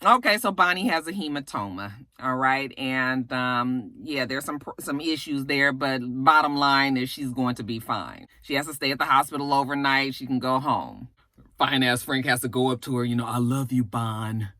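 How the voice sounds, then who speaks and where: A woman giving a sassy, profane, animated recap of a TV episode. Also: rumbling low, normal speed, dry recording. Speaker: TV recap vlogger.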